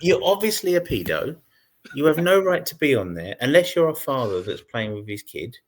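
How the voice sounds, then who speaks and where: A man's voice: medium pitch, big pitch swings, moderate pace. A man co-hosting a gaming podcast, ranting bluntly and swearing in casual chat. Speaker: podcast co-host.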